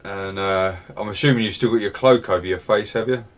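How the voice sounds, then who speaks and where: A man narrating as game master in a tabletop game, relaxed and hesitant, with many fillers. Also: fairly low pitch, fairly quick.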